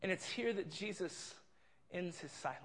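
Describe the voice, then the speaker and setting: A man's voice: high-pitched, animated, normal speed, fairly bright tone. A man preaching a sermon, retelling a scene with earnest, vivid storytelling and frequent repeats. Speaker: pastor.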